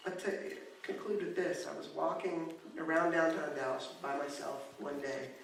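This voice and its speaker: A man's voice: on the high side, normal speed, recorded from a distance, a little hiss or hum. Preaching man in an echoey church. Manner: builds from calm storytelling to loud impassioned preaching. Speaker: guest preacher. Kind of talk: sermon with storytelling. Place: church sanctuary. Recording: very echoey church hall, picked up from afar.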